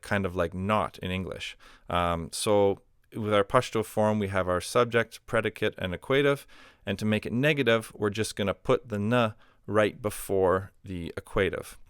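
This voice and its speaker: A man calmly teaching a recorded grammar lesson, explaining step by step with example phrases and a few ums and uhs. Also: fairly low pitch, clear, resonant tone, no room sound, clean studio sound. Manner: patient explaining with spoken examples, fillers like um and uh. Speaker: language teacher.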